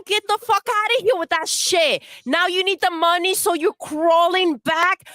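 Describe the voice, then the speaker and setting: A woman's voice: very high-pitched, big pitch swings, unhurried, fairly bright tone, no room sound. A woman delivering a profane, scornful rant full of swearing. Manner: scornful, swearing, mocks with put-on voices. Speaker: livestream segment voice.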